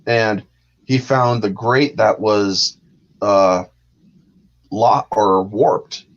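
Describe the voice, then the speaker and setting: A man's voice: lowish voice, very slow. A man hosting a casual chat about movies, rambling and retelling scenes with acted-out lines. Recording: dull lo-fi sound.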